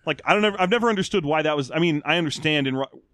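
A man co-hosting a podcast in casual chat, animated and mock-ranting with plenty of swearing. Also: on the high side, racing, no room sound, clean studio sound. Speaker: podcast co-host.

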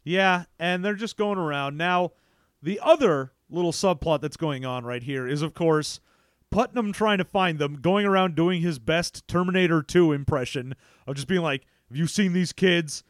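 A man co-hosting a casual movie recap chat, animated and acting out lines in funny voices. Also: on the high side, normal speed, no echo, studio quality. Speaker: podcast co-host.

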